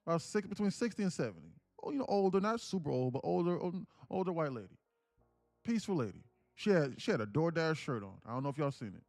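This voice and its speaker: A man's voice: fairly high pitch, very animated, quick pace, vocal fry, a little mellow, no room sound, studio quality. A man hosting a casual livestream, telling a story in a rambling, repetitive way and laughing as he goes. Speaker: livestream trading host.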